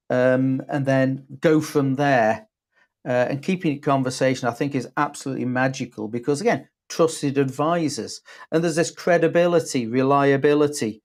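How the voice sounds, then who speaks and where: A man hosting a casual online chat about sales, talking in a halting way with many restarts. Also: mid-range voice, a little mellow. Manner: hesitant, many restarts and fillers. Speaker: host.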